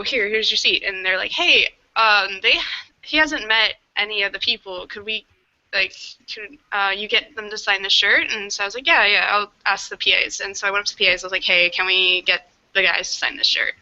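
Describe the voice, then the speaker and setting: Bright-voiced chatty woman storyteller. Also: medium pitch, fairly quick, dull audio. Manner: chatty storyteller, many "like"s, quotes others. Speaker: volunteer guardian recounting a story. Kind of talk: casual podcast chat.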